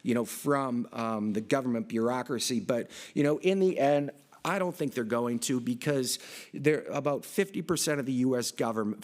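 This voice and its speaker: A man's voice: medium pitch, moderate pace. A middle-aged man from the area, giving a live conference presentation in a loose, rambling way full of fillers and restarts. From Boston area, United States. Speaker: conference speaker. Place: large conference hall.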